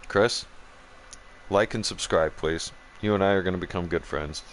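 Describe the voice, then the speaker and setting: A man's voice: sits low, moderate pace, a little hiss or hum. A man hosting a gaming channel, ranting profanely in casual chat and talking straight to his viewers. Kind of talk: casual rant while streaming a game.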